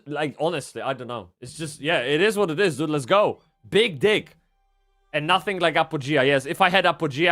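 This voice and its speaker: A man streaming a game live, rambling and swearing as he swings from excited yelling to low muttering. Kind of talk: live gameplay commentary.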